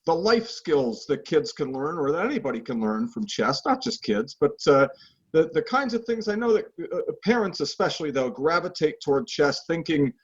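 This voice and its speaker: Husky man with a halting, lively voice. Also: on the high side. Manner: halting, lots of fillers. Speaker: interviewer, scholastic chess coach. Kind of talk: casual interview questions. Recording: dull lo-fi sound.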